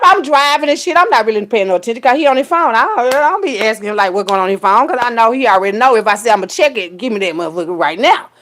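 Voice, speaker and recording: A woman speaking, in a streetwise, profane storytelling rant. Her voice leaps up high and loud when she mimics others, then drops low and soft. The delivery is loose and conversational, like a vlog monologue. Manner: animated, profane, streetwise storytelling with big pitch jumps when quoting people. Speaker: vlogger.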